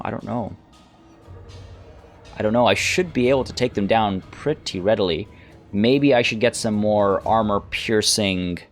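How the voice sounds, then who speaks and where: Man musing through a strategy game. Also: on the low side. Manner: thinks aloud, hesitant and musing. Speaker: let's play host. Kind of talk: gameplay commentary.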